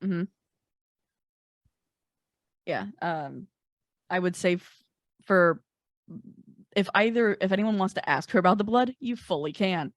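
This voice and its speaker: A woman narrating a tabletop role-playing game as its game master, describing scenes in a measured way. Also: lowish voice, animated, no room sound, clean studio sound.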